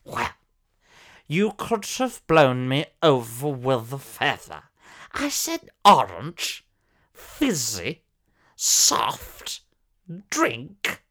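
A man's voice: mid-range voice, wildly swooping pitch, very slow, pauses often, a bit bright, full character voice. Guy putting on a pompous old actor, fussy and over the top, voice swoops up and down a lot. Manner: theatrical, fussy, over-elaborate storytelling. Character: pompous elderly male former soap actor, grandiose. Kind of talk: comic character monologue.

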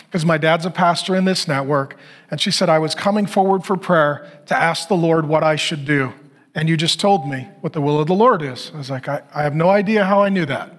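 A man's voice: a little high, a bit bright. A middle-aged man preaching as a pastor, telling stories in an earnest, conversational way and acting out the dialogue. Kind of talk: sermon storytelling.

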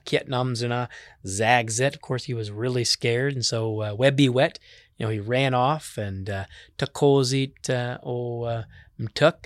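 A man's voice: medium pitch, no room sound. A man telling a traditional animal tale in a casual, folksy way, mixing in native words. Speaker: storyteller. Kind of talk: oral storytelling with native words.

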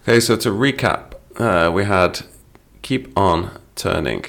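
Deep gravelly male English teacher. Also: animated, unhurried, fairly bright tone. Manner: patient, explanatory, speaks lyrics in a livelier voice. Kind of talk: explaining song lyrics to learners.

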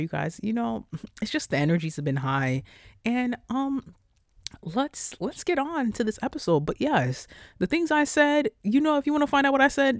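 Young woman, podcast host, stuffy nose, cursing casually, high-ish voice, dry close sound. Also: no room sound. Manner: profane, animated, lots of cursing. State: stuffy, congested from a cold. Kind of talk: casual solo podcast rant.

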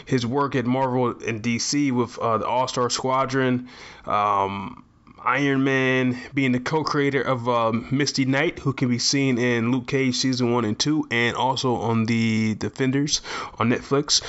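A man's voice: medium pitch, steady tone, a little slow, fairly bright tone, dull audio. Rambling male podcast host. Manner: rambling, with many fillers and restarts. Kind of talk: casual chat.

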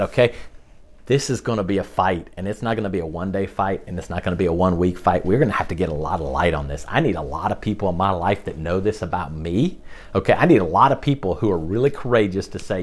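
A pastor with a low voice preaches at a brisk pace, keeping his sermon conversational. He often checks in with his listeners, asking "okay?"

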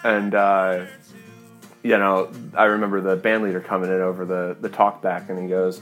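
A man's voice: low-pitched, level tone, moderate pace, faint music behind. A man, a touring fiddle player, animatedly retelling a story with lots of fillers. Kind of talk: casual storytelling.

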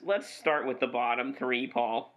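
A man's voice: mid-range voice, measured pace, lo-fi sound. A man co-hosting a movie review podcast, swearing freely and ranting with exasperation in casual chat.

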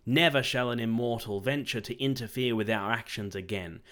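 A man voicing a fierce, boastful male king of evil creatures, loud and shouting his defiance. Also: mid-range voice, normal speed, natural voice. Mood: raging.

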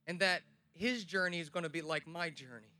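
A young man giving a sermon on a festival stage, telling stories and building to loud, emphatic preaching. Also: a little high, brisk, no room sound. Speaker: speaker at a Christian festival.

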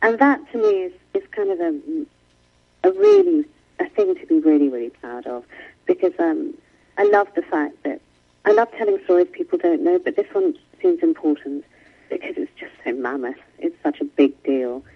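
A woman's voice: on the low side, lively intonation, normal speed, narrow, tinny audio. A woman author, speaking in an interview from London and talking with many restarts and asides. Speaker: author guest. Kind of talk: remote interview conversation. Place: home in London.

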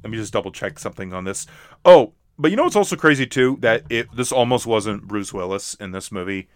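A man's voice: lowish voice, lively intonation, fairly quick, no echo. A man co-hosting a casual movie talk, rambling with many restarts and fillers. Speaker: podcast co-host.

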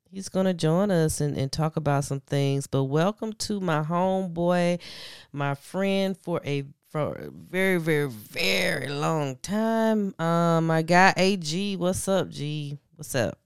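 A woman's voice: deep voice, darkish tone, smooth, dry recording, clean studio sound. A woman hosting a podcast in a casual, laid-back chat, slangy and full of fillers. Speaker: podcast host.

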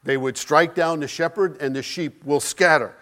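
Emphatic preacher man, higher voice. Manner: emphatic, dramatic pauses, swings loud and soft. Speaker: pastor. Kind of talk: Easter sermon.

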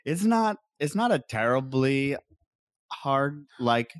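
A man's voice: mid-range voice, big pitch swings, slow, no room sound, clean studio sound. A young man co-hosting a casual podcast about reptile keeping, talking in a rambling, laid-back way and correcting himself as he goes. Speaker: podcast co-host and snake breeder.

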